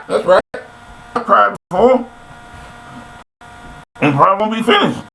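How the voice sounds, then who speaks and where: A man's voice: high voice, wildly swooping pitch, a little slow, creaky, bright, forceful tone. A grown man giving a casual motivational monologue into a webcam, repetitive and preachy, full of rhetorical questions. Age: adult. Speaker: motivational speaker. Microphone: computer webcam mic. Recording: echoey room with faint mains hum.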